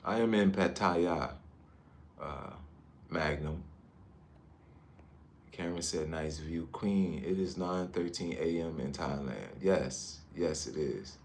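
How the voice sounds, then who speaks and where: Laid-back deep-voiced man chatting on a livestream. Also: slow, long pauses, a little hiss or hum. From Newark, New Jersey. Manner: laid-back, chatty, drifts between comments. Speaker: livestream vlogger. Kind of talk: casual livestream chat reading viewer comments. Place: high-rise hotel room. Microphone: phone.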